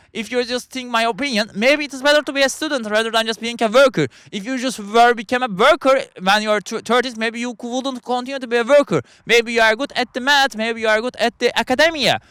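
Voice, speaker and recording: A man's voice: extremely high pitch, fast talker, few pauses, bright, forceful tone, clear, resonant tone, no room sound. A man hosting a podcast, delivering a rambling philosophical monologue in English that is not his first language, with frequent restarts and filler words. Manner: speaks English as a second language. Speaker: podcast host.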